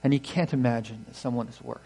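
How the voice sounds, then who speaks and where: A man's voice: mid-range voice, steady tone, fast talker, vocal fry, mellow, breathy edge, low-quality recording. A man in his ordinary middle register preaches to his congregation, earnest and emphatic. He restarts his phrases and puts rhetorical questions to the room. A faint mains hum runs under his voice. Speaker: pastor. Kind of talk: sermon.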